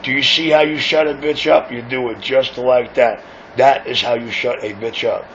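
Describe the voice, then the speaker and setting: A man's voice: mid-range voice, fairly even intonation, moderate pace, a bit bright. A man who runs a radio shop, boasting and taunting rivals over CB radio in a brash, self-important way. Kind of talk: CB radio banter. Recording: muffled CB radio audio with faint hiss.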